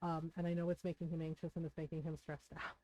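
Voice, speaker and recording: A woman's voice: low-pitched, level tone, fast talker, mellow, highs cut off. A woman streamer casually and earnestly retelling a personal story in detail, recounting conversations.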